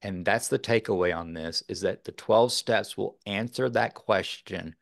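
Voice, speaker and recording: A man's voice: fairly low pitch, measured pace, creaky, no echo, studio quality. A man from Texas, a podcast guest, talking earnestly in a rambling way with many fillers. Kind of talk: casual interview talk.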